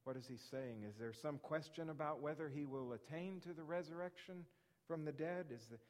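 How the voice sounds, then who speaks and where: A man's voice: on the high side, normal speed. A man preaching a sermon as a pastor, earnest, repeating his questions for emphasis. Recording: reverberant hall.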